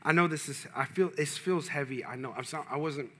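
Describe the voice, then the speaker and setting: A man preaching a sermon in a casual, slangy way, repeating phrases and building intensity before dropping to a quiet, hushed tone. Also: on the high side, a little fast. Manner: preaching with rising intensity, quoting imagined prayers. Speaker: pastor.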